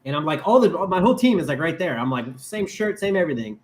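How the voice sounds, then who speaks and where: Animated man telling a casual story. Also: a little high, quick pace. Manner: animated, acts out quoted voices, many "like" fillers.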